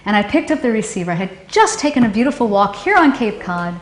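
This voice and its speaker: A woman with a fairly high voice tells a painful story from her own life. She speaks haltingly, with emotion, often breaking off and starting her sentences again. Her voice carries a noticeable echo from the room. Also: very animated. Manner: halting, emotional, with many restarts. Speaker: storyteller recounting a personal loss. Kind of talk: personal testimony. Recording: roomy echo.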